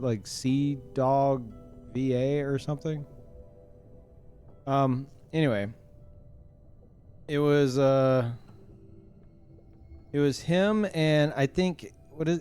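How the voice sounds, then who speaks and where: With gentle music in the background, a man talks loosely to his stream audience at a medium pitch, stumbling through restarts and filler words.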